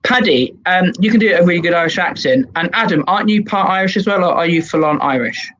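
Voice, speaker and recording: A man hosting a casual group podcast game, playful and quick to exclaim. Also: high voice, lively intonation, a bit bright, slight background noise. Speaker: podcast host.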